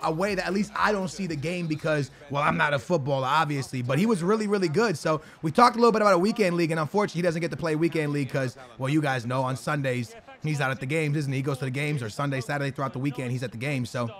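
A young man hosting a gaming video, talking through his match in slangy, rambling commentary and breaking into excited shouts on goals. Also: fairly high pitch. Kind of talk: live gameplay commentary.

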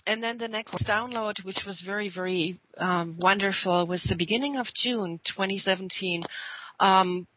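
A woman's voice: medium pitch, normal speed, pushed and bright, a little hiss or hum, low-quality recording. A woman who is a guest on a radio talk show, telling a personal story in an earnest, heartfelt way.

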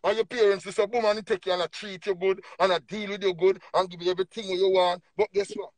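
A man with a Jamaican accent preaching emphatically on a livestream, swinging between low murmurs and loud bursts. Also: flat delivery, fast, no echo. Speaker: livestream speaker.

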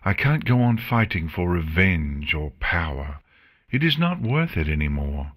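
A man's voice: low-pitched, very animated, measured pace, fairly bright tone, full character voice. A man voicing a proud but distraught female changeling queen in an audiobook, with tearful, self-reproaching outbursts. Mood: weary. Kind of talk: audiobook character voice.

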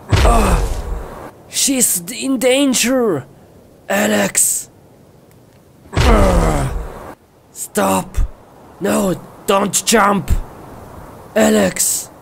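A man's voice: high-pitched, drawn-out words, vocal fry, pauses often, noisy background, pitched above the performer's own voice, exaggerated voice. A man playing a timid young man, fearful and pleading, in broken English.

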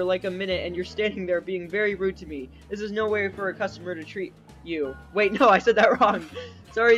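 A man's voice: high-pitched, a bit bright. A young man doing playful game commentary, giggling often and reading in-game chat aloud in a goofy way. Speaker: gaming YouTuber.

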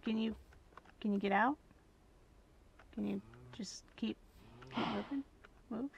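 A woman giving gameplay commentary, muttering and whispering to herself and scolding the animals in loud bursts. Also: on the high side, slow pace, creaky, highs cut off, slight background noise. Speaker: gamer.

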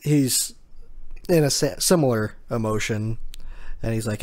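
A man's voice: medium pitch, fairly even intonation, unhurried. A man hosting a casual manga chapter recap, talking in a hesitant way with many fillers while he reads out quotes. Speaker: manga chapter reaction host.

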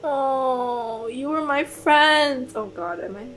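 A young woman playing through a video game on her channel, reacting out loud with strong emotion, swearing and pleading with the characters on screen. Her voice sits high and her delivery is slow and drawn out. Game music plays faintly in the background. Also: poor audio. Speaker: gaming YouTuber. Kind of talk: let's play commentary.

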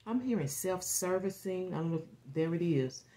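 Low-voiced woman giving a rambling tarot forecast. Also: moderate pace. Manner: rambling, animated, swears freely, acts out quoted reactions. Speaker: tarot reader.

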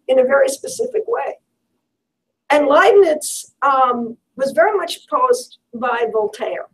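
High-voiced woman lecturing, mic at distance. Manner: conversational, searching, with restarts. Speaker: presenter. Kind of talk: informal lecture to a small audience.

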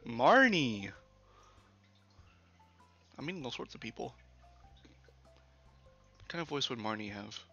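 A man's voice: medium pitch, lively intonation, normal speed, creaky, pauses often, sharp tone, slightly rough. A man streaming a let's play, chatting and joking with his chat and swearing casually. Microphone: older desk mic. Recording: dull lo-fi mic. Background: faint game music.

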